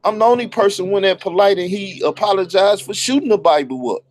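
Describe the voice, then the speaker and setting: A man's voice: high-pitched, animated, a little fast. A man, talking bluntly and profanely in a casual monologue, often stumbling over his words. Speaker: online commentator.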